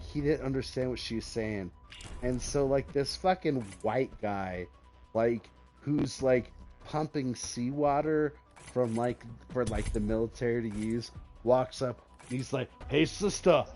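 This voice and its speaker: A man's voice: medium pitch, unhurried, warm tone, faint music behind. A drunk man streaming a game, rambling through a profane story with lots of "like". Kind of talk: casual storytelling while gaming.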